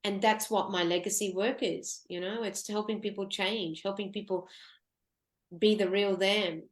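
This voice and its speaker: A woman guest on a radio talk show telling an emotional personal story, often halting and restarting. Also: medium pitch, steady tone, echoey room. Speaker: guest, photographer.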